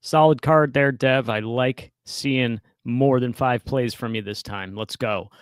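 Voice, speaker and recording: A man's voice: mid-range voice, unhurried, clean tone, dry recording. A man co-hosting a sports betting podcast, chatting casually and joking with easy laughs. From United States. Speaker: co-host of a soccer betting podcast.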